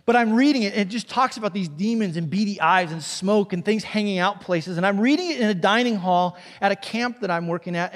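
A male pastor preaching a sermon, telling lively stories, acting out quoted voices and dropping to a hushed near-whisper. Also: high-pitched, big-room sound.

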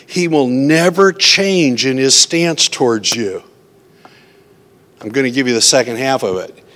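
A man's voice: medium pitch, unhurried, fairly bright tone. Earnest preacher man in a reverberant hall. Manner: earnest, acts out his own inner voice in quotes. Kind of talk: conversational sermon with personal stories.

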